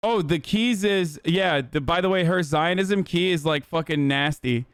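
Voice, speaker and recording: A young man hosts a live stream and rants about the news, swearing often and working himself up. His voice sits a little high and comes through smooth and resonant. The mic is close and dry, with no room sound. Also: normal speed, dry recording. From Turkey. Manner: profane, animated ranting. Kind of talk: casual live-stream commentary.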